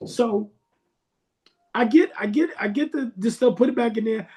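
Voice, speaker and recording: New dude hosting his podcast, kinda high voice that bounces all over, comic storytelling. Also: moderate pace. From New York. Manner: animated, comic, slangy storyteller with excited pitch jumps. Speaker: podcast host. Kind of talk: casual storytelling.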